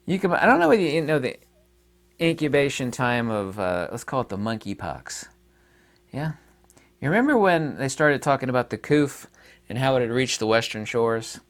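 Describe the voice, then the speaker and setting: A man's voice: mid-range voice, very animated, normal speed. Rambling man, casual monologue. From United States. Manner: rambling and emphatic, with many fillers and restarts. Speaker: online commentator.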